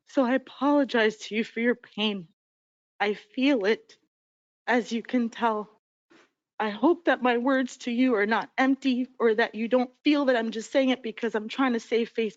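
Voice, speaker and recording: Emotional woman commissioner, halting speech. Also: a little high, no echo. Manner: halting, emotional, many pauses and fillers. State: emotional, near tears. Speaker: city commissioner. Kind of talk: emotional public statement. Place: council chamber. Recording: dull lo-fi meeting audio.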